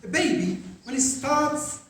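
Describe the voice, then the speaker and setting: A man's voice: very high voice, animated, a bit bright, slight background noise. Guy teaching english class, lots of uhs and right?, far off mic in a super echoey room. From Algeria. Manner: halting, many fillers, checks in with "right?". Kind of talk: classroom lesson.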